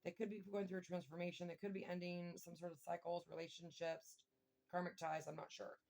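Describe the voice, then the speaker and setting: A woman giving a casual tarot reading, thinking aloud and breaking into excited exclamations and mild swearing. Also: fairly low pitch, fairly quick, vocal fry. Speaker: tarot reader.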